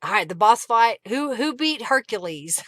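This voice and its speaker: Bright-voiced Oklahoma woman chatting live. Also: fairly high pitch, very animated, moderate pace, dry recording. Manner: chatty, greets and thanks viewers by name, laughs often. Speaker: craft livestream host. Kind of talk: casual live-stream chat.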